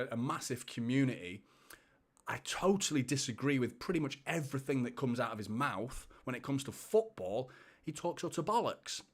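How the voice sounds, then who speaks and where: Chatty man hosting a watchalong. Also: mid-range voice. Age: 30s. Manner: chatty, laughs often, reads out viewer comments. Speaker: host of a football watchalong. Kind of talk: casual live match commentary and chat.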